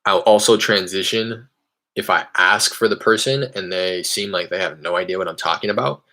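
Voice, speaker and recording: A man casually explaining real estate cold calls, rambling and candid, with an upbeat questioning pitch on the phone. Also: fairly even intonation, normal speed, pushed and bright. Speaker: real estate wholesaler cold calling sellers.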